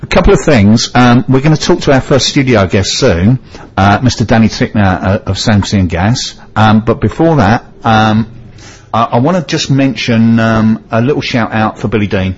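A man's voice: lowish voice, normal speed, breathy edge, lo-fi sound. A middle-aged man with a Cockney accent hosting a radio show, chatty and self-mocking. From London. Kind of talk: casual radio chat.

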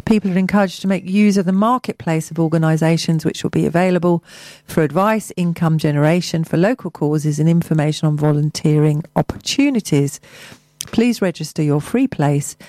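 A woman's voice: deep voice, a little fast, mellow, dry recording. Playful woman co-hosting a show. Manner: playful, giggly, jokey asides. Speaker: radio show co-host. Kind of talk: casual chat and reading out local news.

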